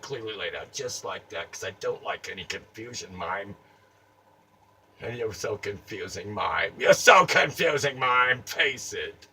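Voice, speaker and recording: A man doing an improvised comic monologue, taunting someone in a theatrical voice that swings from mutters to shouts. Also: deep voice. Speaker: comedic performer. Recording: distant mic, faint ambient noise.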